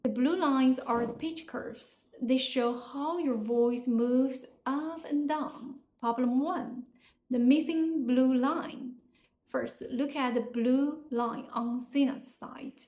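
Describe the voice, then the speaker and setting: Young Chinese-accented woman language teacher, unhurried and deliberate delivery. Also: high voice, echoey room. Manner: slow, careful, deliberate explanation. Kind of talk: pronunciation lesson.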